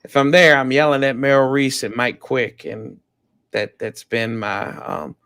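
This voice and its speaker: A man's voice: mid-range voice, measured pace, fairly bright tone, clear, resonant tone, no echo, studio quality. A man guesting on a casual sports talk show, teasing and playful in his banter.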